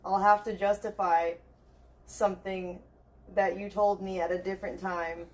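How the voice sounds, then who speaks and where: A woman in casual conversation, speaking in a calm and direct way. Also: medium pitch, moderate pace, recorded from a distance, rough recording.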